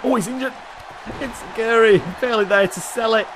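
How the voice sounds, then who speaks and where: A player commentating on a wrestling video game, excitable and often shouting at the action. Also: mid-range voice, normal speed, a crowd in the background, poor audio. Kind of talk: excited let's-play commentary.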